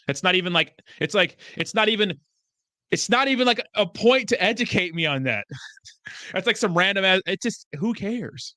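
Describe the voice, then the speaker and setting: A man hosting a crypto livestream, answering his chat in a profane and excitable way. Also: high voice, normal speed, no echo, clean studio sound. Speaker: crypto YouTuber host.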